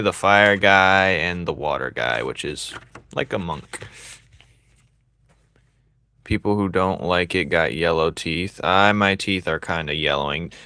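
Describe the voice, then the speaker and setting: A young man chats casually with viewers as he draws live, joking and teasing them between laughs. His voice sits a bit low but sounds bright and forward. The sound is dry and close. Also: clear, resonant tone, dry recording. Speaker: streamer drawing live and reading chat. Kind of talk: casual livestream chat while drawing.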